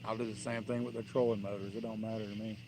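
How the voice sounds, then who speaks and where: A man's voice: lowish voice, level tone, fast talker, background noise. A man hosting a fishing livestream, telling rambling, blunt stories in a dismissive tone from a riverbank at night. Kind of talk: casual live-stream rant.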